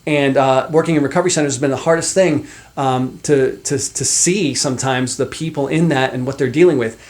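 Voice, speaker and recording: A man's voice: medium pitch, a little fast, a little mellow. A middle-aged man, a life coach, talking animatedly and casually to the camera with many fillers and asides. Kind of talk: motivational talk to camera.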